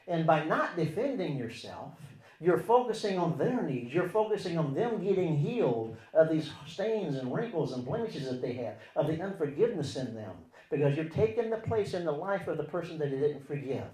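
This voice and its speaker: A man preaching in a fairly high voice that swings widely in pitch, pressing hard on key points and then dropping to near-murmurs. He keeps putting rhetorical questions to his listeners. The sound carries a roomy echo. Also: very animated, normal speed. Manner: swings between loud emphatic stretches and quiet near-murmured asides. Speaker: Christian relationship teacher. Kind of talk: sermon-style teaching. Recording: echoey room.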